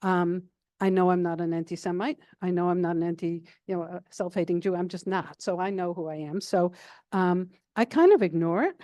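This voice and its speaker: An older woman answering questions in a calm, even, conversational way, with plenty of "um" and "you know." Her voice is mellow and warm, and the sound is close and dry, with no room around it. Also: fairly low pitch, fairly quick, no room sound. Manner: calm, level, chatty with many fillers. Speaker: guest speaker. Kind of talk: casual Q&A answers.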